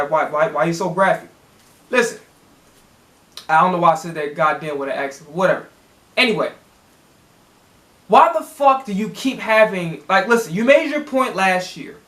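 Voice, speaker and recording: A man's voice: high voice, pushed and bright, roomy sound. A man from Chicago talking straight to camera in a blunt, profane sports rant, full of restarts and heat. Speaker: sports vlogger. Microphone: camera in a home setup.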